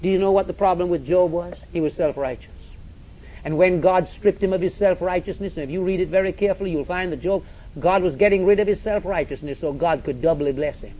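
This high-pitched male voice delivers a sermon fairly quickly, emphatic and direct, repeating phrases and telling the audience to listen. The setting is a church or meeting hall, and the recording sounds dull and lo-fi.

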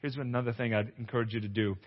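A male pastor giving a testimonial sermon at a conference, an animated storyteller who acts out dialogue and exclaims loudly. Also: mid-range voice, rapid-fire. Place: conference hall. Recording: echoey hall, dull lo-fi sound.

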